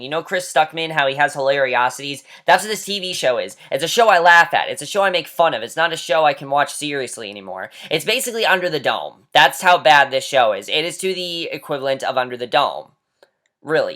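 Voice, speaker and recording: Exasperated vlogger, casual profane rant, mid-pitched voice, mocking delivery. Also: a bit bright. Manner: exasperated, mocking, swears often, repeats "honestly". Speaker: vlogger reviewing a TV episode.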